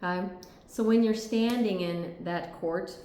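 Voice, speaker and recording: A woman's voice: medium pitch, unhurried, warm tone, slight background noise. Echoey, reassuring woman reading tarot. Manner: earnest, reassuring, frequent "okay?" check-ins. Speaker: tarot reader. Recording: echoey room.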